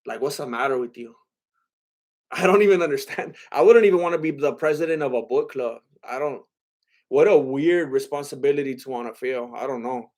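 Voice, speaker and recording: A man's voice: mid-range voice, fairly quick, a little mellow. A young man hosting a casual livestream and reading out chat, talking in a rambling, hesitant way with lots of fillers and restarts.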